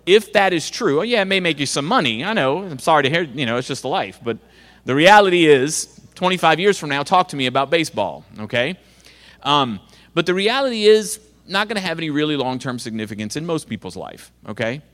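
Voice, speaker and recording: Earnest middle-aged preacher in an echoing hall. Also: male voice, fairly high pitch, sing-song, a little fast, fairly bright tone. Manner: earnest, direct preaching with sarcastic asides. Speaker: youth pastor and guest speaker. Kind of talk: sermon to students. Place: school auditorium or chapel.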